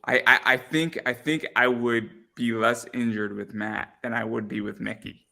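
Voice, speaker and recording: Bright-toned male podcast host. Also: medium pitch, fairly even intonation, moderate pace, gravelly. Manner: laughs often, swears freely. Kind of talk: casual interview chat.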